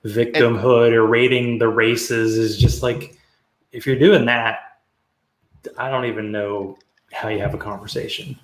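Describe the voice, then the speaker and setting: A man's voice: mid-range voice, steady tone, unhurried. Man chatting in an echoey room. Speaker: podcast host. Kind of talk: casual podcast chat.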